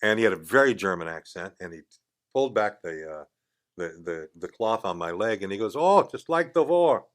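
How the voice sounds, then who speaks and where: Deep-voiced and talking a little fast, the older man is a guest in a radio studio. He tells a laid-back story in a spirited way, doing impressions of the people he describes.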